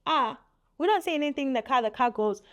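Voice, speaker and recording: A young woman telling a story on her vlog in a lively, laughing way, acting out what people said. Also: high-pitched, quick pace. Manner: animated, laughing, acts out quotes. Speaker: vlogger. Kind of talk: casual story time.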